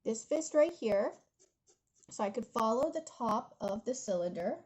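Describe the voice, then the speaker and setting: A woman's voice: on the high side, lively intonation, unhurried, a little mellow, husky, poor audio. Chatty woman teaching drawing. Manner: chatty, giggly, addresses viewers as guys. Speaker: art instructor. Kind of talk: drawing tutorial narration.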